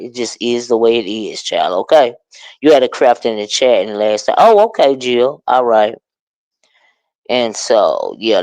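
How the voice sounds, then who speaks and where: A woman hosting a live commentary stream, chatting casually and excitedly with her viewers, calling out their names and sprinkling in "child" and "honey.". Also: extremely low pitch, no room sound, rough recording. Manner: chatty, animated, greets chat viewers by name; exclamatory, with drawn-out "child" and "honey". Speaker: livestream commentary host.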